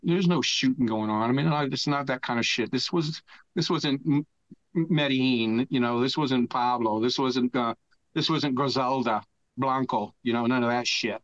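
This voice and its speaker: Older American man, mid-pitch, swearing raconteur, dull dry lo-fi recording. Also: moderate pace, fairly bright tone, no echo. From United States. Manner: profane, rambling storyteller who laughs mid-story. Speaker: podcast guest. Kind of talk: casual storytelling.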